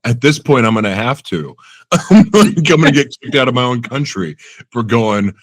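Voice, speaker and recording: A man hosts a podcast interview at normal speed, his medium-pitched voice animated as he chats casually, laughs often and acts out his own reactions with self-deprecating humor. The recording is dry.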